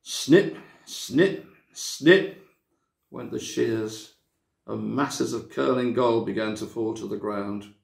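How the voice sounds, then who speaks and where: A man from a church reading a children's story aloud, with measured, dramatic storytelling. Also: on the low side, steady tone, gravelly, a little mellow. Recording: echoey room.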